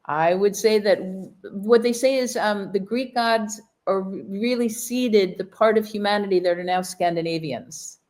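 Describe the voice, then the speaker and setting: A woman's voice: medium pitch, moderate pace, few pauses, darkish tone. A woman co-hosting a podcast in casual conversation, enthusiastic and prone to speculative tangents. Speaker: podcast co-host.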